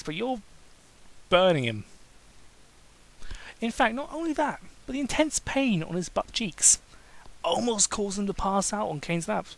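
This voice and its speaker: A man giving an amateur dramatic reading of fan fiction, often tripping over words and dropping wry asides. His voice is high for a man, with a lively, up-and-down delivery. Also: poor audio. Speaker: reader.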